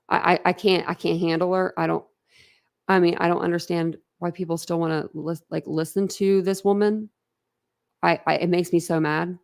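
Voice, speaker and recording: A livestream host with a lowish, creaky voice chats casually and bluntly with her live viewers. She rambles and laughs often.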